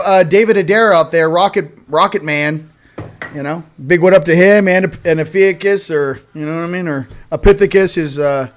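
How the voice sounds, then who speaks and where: A man hosting a casual livestream, chatting loosely, shouting out viewers and showing products. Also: high voice. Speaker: host.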